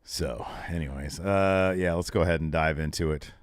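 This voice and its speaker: A man co-hosting a casual wrestling podcast, jokey and animated. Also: very deep voice, normal speed, no echo, clean studio sound. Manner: animated, jokey, retells scenes with voices. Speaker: podcast co-host.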